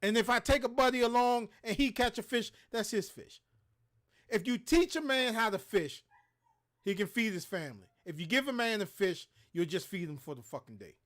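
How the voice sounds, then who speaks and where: A man's voice: high-pitched, animated, moderate pace, a bit bright. A man hosting a livestream, ranting in a heated, profane, preachy way. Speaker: show host. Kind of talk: impassioned livestream rant.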